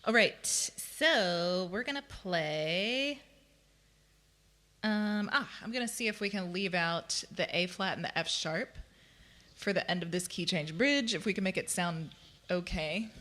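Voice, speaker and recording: A woman with a lowish, pushed and bright voice teaches ukulele in a live-streamed lesson at a measured pace. She's chatty and self-deprecating, often laughing between explanations, with her own ukulele playing in the background.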